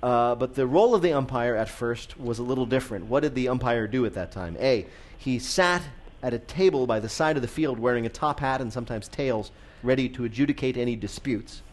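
A man's voice: mid-range voice, fairly quick, few pauses. A man hosting a radio quiz, reading questions playfully and laughing often. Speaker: quiz show host.

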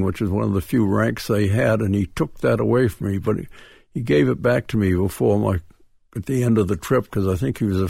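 An older man from Dedham with a Boston accent, reminiscing as a radio interview guest in a halting way, with many restarts and chuckles. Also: fairly low pitch, darkish tone, no room sound, clean studio sound. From Dedham, Massachusetts. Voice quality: gravelly, husky. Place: radio studio.

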